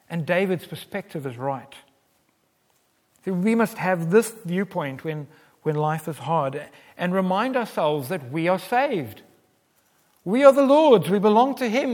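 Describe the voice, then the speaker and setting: Male preacher, fairly high voice, emphatic and earnest, recorded with long hall reverb. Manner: earnest, emphatic, with wide swings in loudness. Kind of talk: sermon.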